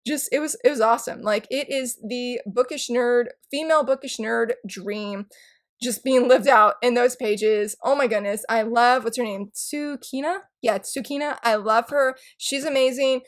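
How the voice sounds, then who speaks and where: A woman in her thirties chatting excitedly in a casual book vlog, gushing and rambling about what she loves. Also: on the high side, moderate pace. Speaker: book YouTuber.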